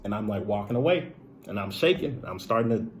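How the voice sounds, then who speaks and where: Man with a lowish voice, casual confessional storyteller, emotional, filler-heavy and profane. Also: expressive, a little fast, noisy background. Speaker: streamer retelling a personal story.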